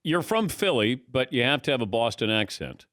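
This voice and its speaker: A man's voice: mid-range voice, very animated, moderate pace, fairly bright tone. A man hosting a radio show, asking a guest short questions and laughing often. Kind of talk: interviewing a guest.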